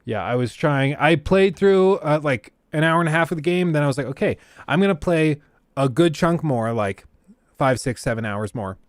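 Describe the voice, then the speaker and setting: A man's voice: on the high side, expressive, moderate pace, no room sound, clean studio sound. A man hosting a casual livestream, ranting bluntly and sarcastically to his chat. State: keeps choking on throat. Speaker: livestream host.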